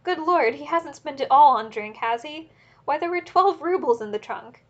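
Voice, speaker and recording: A woman's voice: mid-range voice, moderate pace, vocal fry, husky, muffled recording. A woman reading aloud, voicing a feverish, furious mother who screams accusations at her drunk husband. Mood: frantic fury.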